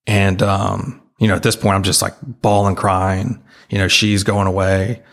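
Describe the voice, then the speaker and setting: A man earnestly retelling a personal experience as an interview guest, halting and full of restarts. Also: low-pitched, little pitch movement.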